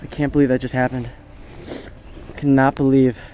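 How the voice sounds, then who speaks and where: A man's voice: medium pitch, level tone, normal speed, mellow, a little hiss or hum. A man giving enthusiastic, exclaiming running commentary as a fishing vlogger, recorded outdoors on the water on an action camera.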